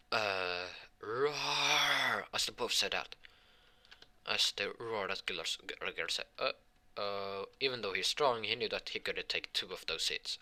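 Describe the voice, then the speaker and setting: A man improvising a fan fiction story, rambling and halting as he voices the characters' lines in his own voice. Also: low-pitched, pushed and bright. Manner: rambling, halting delivery with many restarts.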